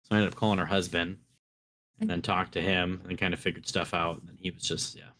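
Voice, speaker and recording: A man's voice: sits low, little pitch movement, fairly quick, sharp tone, slight background noise. A man co-hosting a casual podcast, talking bluntly and with exasperation about a rude customer. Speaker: podcast co-host. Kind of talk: casual chat.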